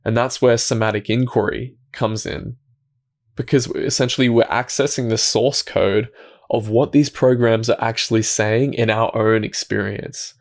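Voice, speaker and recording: A man hosting a reflective self-help talk, speaking calmly and gently, often restarting his thoughts and dropping into soft, quiet asides. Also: medium pitch, normal speed. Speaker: self-help video host.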